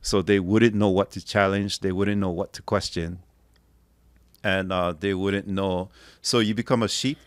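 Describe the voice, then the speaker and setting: A man's voice: deep voice, fairly even intonation, a little slow, smooth, no echo. A middle-aged man from Kaua'i, talking as a podcast guest in an emphatic, opinionated way. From Kaua'i, Hawaii. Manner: emphatic, opinionated, acts out quotes. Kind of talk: casual interview chat.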